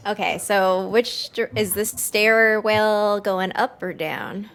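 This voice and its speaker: Woman player asking the game master stuff, mid pitch, soft music behind. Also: steady tone, slow pace. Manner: curious, asks questions. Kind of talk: tabletop game play.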